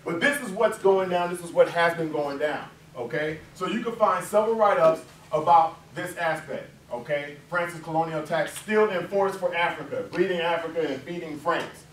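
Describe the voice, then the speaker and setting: A man's voice: fairly high pitch, moderate pace, hardly any pauses, a bit bright, slight background noise. A man giving an impassioned college lecture, emphatic and conversational, firing off rhetorical questions. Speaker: guest lecturer. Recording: echoey room, mic far off, faint ambience.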